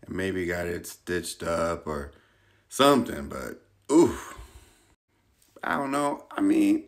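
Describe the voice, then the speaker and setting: A man's voice: low voice, sing-song, slow. An American man telling a funny, self-mocking story about his own mishap in a casual vlog. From United States. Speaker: vlogger.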